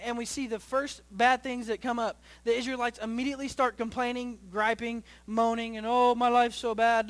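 A young male pastor with a very high-pitched voice preaches a sermon. He builds to loud, rising passages, then sinks low and quiet, often repeating himself and restarting phrases.

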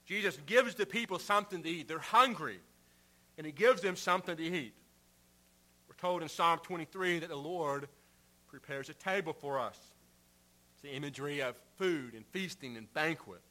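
Earnest male preacher, bright voice. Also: normal speed. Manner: earnest preaching, rising in emphasis then dropping low at phrase ends. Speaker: pastor. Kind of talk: sermon.

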